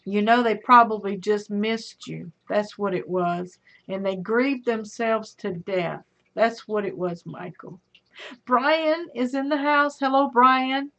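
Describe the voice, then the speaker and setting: A middle-aged woman hosts a casual livestream, unhurried as she chats with viewers and reads out their comments. She calls them honey and sweetheart. The audio is dull and lo-fi. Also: medium pitch, a bit bright. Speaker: livestream host.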